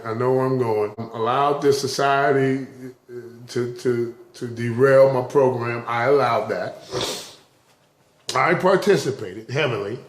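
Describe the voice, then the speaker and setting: A man giving a rambling, casual spiritual talk to camera, chuckling often between phrases. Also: medium pitch. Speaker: vlogger. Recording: roomy echo.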